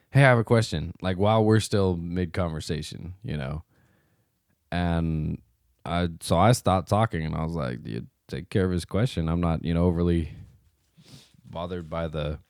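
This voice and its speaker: A man with a very low voice tells a long, rambling story on a podcast, slipping into quoted dialogue and stopping for fillers. The sound is dry and close. His manner is relaxed, casual chat. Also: clear, resonant tone, no echo. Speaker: podcast co-host.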